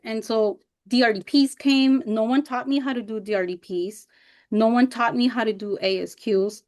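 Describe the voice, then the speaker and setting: A woman in her thirties presenting a teacher workshop over a video call, telling personal stories candidly and expressively, sometimes getting emotional. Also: fairly high pitch. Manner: candid and expressive, acts out past remarks in animated voices; emotional when recalling hard times.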